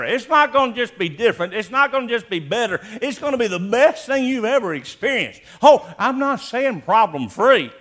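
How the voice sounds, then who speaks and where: A male pastor preaching in a church, making an altar call with urgent, repeated questions that swing between hushed and loud. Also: high-pitched, lively intonation, moderate pace, few pauses. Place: church sanctuary.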